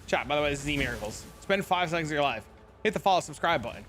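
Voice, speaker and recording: A man's voice: fairly high pitch, fast talker, soft background music. A man in his thirties streaming a video game, chatting casually with viewers and swearing freely. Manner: animated, profane, chatty with viewers. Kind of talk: casual gaming livestream chat.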